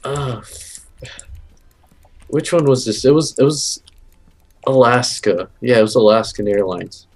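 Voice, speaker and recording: A man in casual chat telling a story in a relaxed way, laughing as he talks. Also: medium pitch, a little slow, long pauses, breathy edge.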